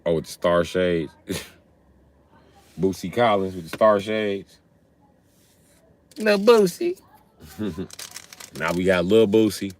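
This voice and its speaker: A man's voice: deep voice, very animated, slow, long pauses, slight background noise. A man ranting casually on a livestream, rambling, swearing and laughing often. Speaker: livestream host. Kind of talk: casual comedic rant.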